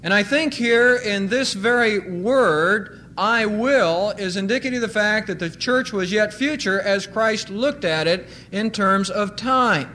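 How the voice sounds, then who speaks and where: A male pastor preaching a sermon, slowing to stress single words. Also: sits high, pushed and bright, a little hiss or hum.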